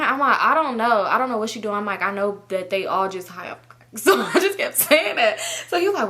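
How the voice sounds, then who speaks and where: A young woman vlogger casually telling a story, swearing freely and jumping into high-pitched voices when she quotes people. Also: expressive, brisk, pushed and bright.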